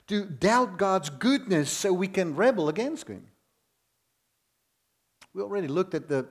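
A man delivering a sermon with earnest emphasis, drawing out key words for weight. His voice sits a little high for a man. He speaks at a slow, deliberate pace. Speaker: preacher.

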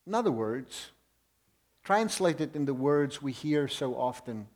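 A man preaching a sermon in an earnest, emphatic way, leaning hard on slow, stressed words. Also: medium pitch, big pitch swings, darkish tone.

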